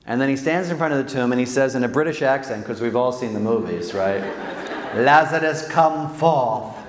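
Priest man giving a lively joking talk, lots of "right?", big echoey hall w long reverb. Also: medium pitch, brisk, background noise. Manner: animated, jokey, acts out quotes, frequent "right?" tags. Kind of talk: lively faith talk to an audience. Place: large hall with audience.

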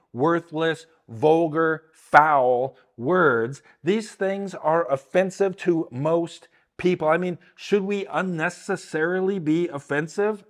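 An older man giving a casual, earnest Bible teaching, often repeating words and asking "right?" along the way. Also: a little high. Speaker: Christian teacher.

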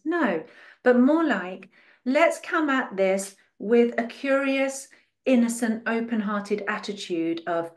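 A woman's voice: fairly high pitch, a little slow. A woman giving a spiritual teaching monologue. She asks many rhetorical questions and dramatizes how other people think.

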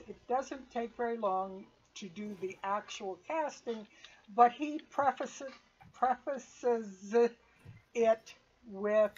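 A woman narrating a tabletop game as game master, describing scenes with steady pacing and fillers. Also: medium pitch. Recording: dull lo-fi audio.

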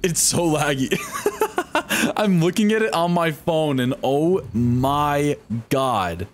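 A man's voice: a little high, takes it slowly, slight background noise. A young man streaming a game live from home, talking to his chat in a flustered, swearing way. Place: home room with computer.

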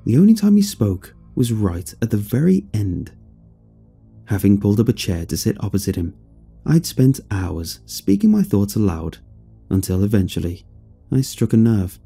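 A man's voice: on the low side, sing-song, moderate pace, gravelly, mellow, husky. A man narrating a horror story as scripted, dramatic first-person storytelling. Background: faint music.

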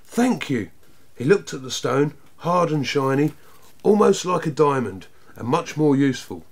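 A man reading a children's book aloud, narrating in an expressive, lively way. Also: fairly high pitch, moderate pace, creaky. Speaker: storyteller.

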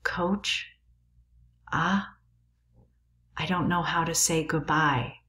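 A woman voicing a grieving adult man speaking softly at a friend's deathbed. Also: low voice, steady tone, extremely slow, echoey room, a little hiss or hum, exaggerated voice. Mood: hushed, grieving. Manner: soft, hushed.

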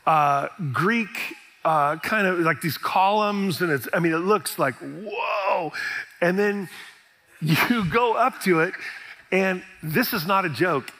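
A middle-aged man preaches in a lively storytelling style, acting out what people say. His voice sits high and bright, with a long reverb trailing from the church hall around him. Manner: animated storytelling, acts out quoted reactions. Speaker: pastor. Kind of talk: sermon.

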